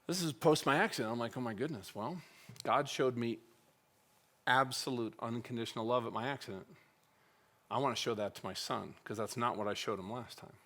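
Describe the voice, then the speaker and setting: A man's voice: mid-range voice, brisk. A middle-aged man speaking at a church, telling a personal story and acting out the conversations in it. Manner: animated, acts out dialogue with wide swings in loudness.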